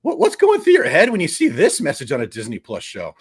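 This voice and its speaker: A man hosting a live fan stream, reading out chat comments and reacting with excited outbursts. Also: a little high, quick pace, breathy edge. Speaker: host of a live fan show.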